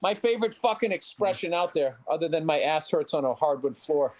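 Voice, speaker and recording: A man's voice: a little high, animated, brisk, darkish tone. A man co-hosting a comedy podcast, ranting in a profane, exasperated way during casual chat. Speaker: podcast co-host.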